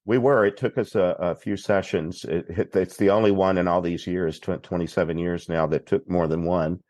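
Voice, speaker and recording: Man from Texas, priest, very low voice, dry close sound, unhurried storytelling. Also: fairly even intonation, darkish tone, dry recording. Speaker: priest, podcast guest. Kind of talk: recounting a story in conversation.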